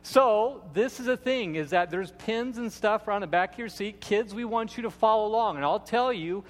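A man's voice: high-pitched, moderate pace. A man who is the lead pastor, giving a sermon in a church with folksy, playful storytelling. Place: church sanctuary. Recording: long hall reverb.

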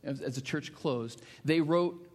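A middle-aged male pastor preaching a sermon, telling stories that swing from hushed to emphatic. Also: a little high, measured pace. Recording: long reverb of a large hall.

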